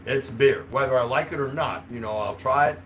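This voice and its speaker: Laid-back guy rambling through his live chat, chuckles a lot, mid-pitched, bit of faint noise. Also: a little fast, a bit bright, poor audio. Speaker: livestream host reading chat. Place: home in the Philippines.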